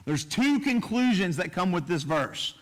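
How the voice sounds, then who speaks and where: A high-voiced man teaching scripture in a relaxed, conversational way. He repeats words as he thinks aloud and keeps checking in with his listeners. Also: a little slow. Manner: conversational, repeats words and asks "right?" often. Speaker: pastor. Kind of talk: Bible teaching. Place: church.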